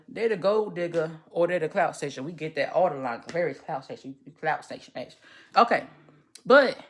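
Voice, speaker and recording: A woman hosting a casual commentary podcast, speaking as a social worker, candid and rambling, swearing freely and tripping over her words. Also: sits low. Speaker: podcast host.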